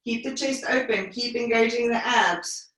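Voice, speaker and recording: Leading a live online pilates class, a female instructor cues breaths and counts reps in short phrases, slightly out of breath. Her voice is on the high side, fairly bright, and at a moderate pace, heard far from the mic in a very echoey room.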